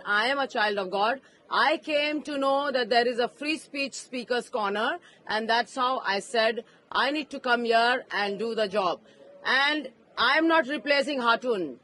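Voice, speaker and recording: A woman preaching outdoors in a park, speaking fervently into a handheld interview mic and rising to emphatic shouts. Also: on the high side. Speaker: street preacher. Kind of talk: impassioned street preaching.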